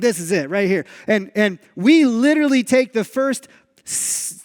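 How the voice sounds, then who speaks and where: Animated high-voiced male preacher. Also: in a large hall. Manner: animated storyteller, acts out dialogue. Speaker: pastor. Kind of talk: sermon. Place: church sanctuary.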